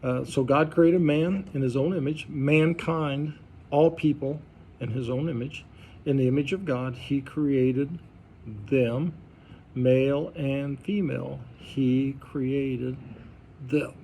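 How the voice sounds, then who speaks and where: Gravelly-voiced man teaching Bible study. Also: mid-range voice, takes it slowly, dark tone, slight background noise. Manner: conversational, quizzes the group with questions. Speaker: pastor leading a Bible study. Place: church study group room.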